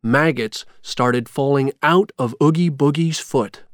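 A storyteller reading a storybook aloud in a slow, clear, expressive way. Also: medium pitch, no room sound, studio quality. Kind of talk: scripted storybook narration.

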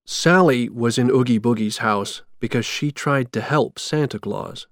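A man reading a storybook chapter aloud in a slow, measured, clear way. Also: medium pitch, dry recording, studio quality. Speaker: narrator.

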